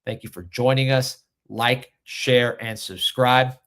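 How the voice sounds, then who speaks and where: A man hosting a live sports recruiting show, talking casually and excitedly, reading viewer comments and rankings aloud with plenty of fillers. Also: mid-range voice, slow pace. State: a little out of breath. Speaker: sports recruiting livestream host.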